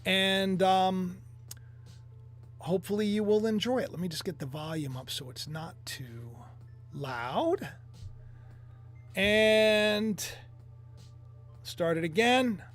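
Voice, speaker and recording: High-voiced rambling male commentator. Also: slow, long pauses, faint music behind. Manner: rambling, jokey, repeats himself. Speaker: YouTube commentary host. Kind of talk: casual commentary.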